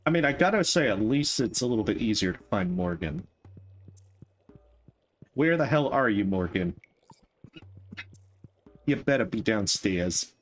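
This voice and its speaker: A man's voice: lowish voice, sing-song, measured pace, pauses often. A man streaming a game, playfully chatting to the characters as he plays. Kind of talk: casual gameplay commentary. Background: faint game music.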